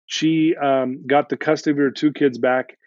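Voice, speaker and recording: A man's voice: fairly high pitch, fairly even intonation, moderate pace, no room sound. A man earnestly retelling a counseling conversation, often restarting his sentences. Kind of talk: storytelling in conversation. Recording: dull lo-fi dry sound.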